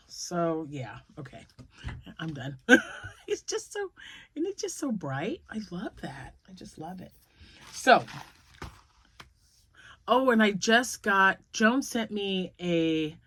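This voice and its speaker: A grandmother in her fifties who vlogs about crochet chats casually with her viewers, rambling, telling stories and laughing often. Her voice is on the low side with a fairly bright tone.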